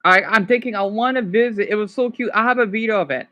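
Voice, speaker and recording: High bright-voiced man chatting on stream. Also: fast talker, muffled recording. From Arizona, US. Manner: rambling, emotional, apologetic. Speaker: livestream host. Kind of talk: casual livestream chat with viewers.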